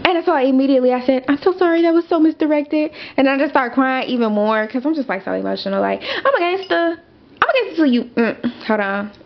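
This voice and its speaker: A young woman talks through a personal story on her podcast, animated and emphatic, full of fillers and asides. Her voice sits fairly high. The audio is dull and lo-fi. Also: brisk, gravelly. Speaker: podcast host. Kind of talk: casual storytelling monologue.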